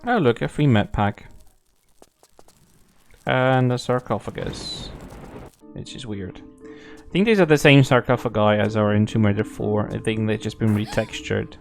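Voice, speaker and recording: A man's voice: lowish voice, unhurried, gravelly, long pauses, soft background music. A young man streaming a game, chatting casually, playful and swearing freely. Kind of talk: casual gameplay commentary.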